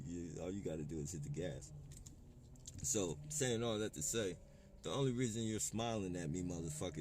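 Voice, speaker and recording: Unscripted and speaking directly to camera, a vlogger rants angrily with lots of swearing in a very low, dark male voice. His words trip over each other as he rambles and keeps restarting sentences, and a faint hiss runs beneath the recording.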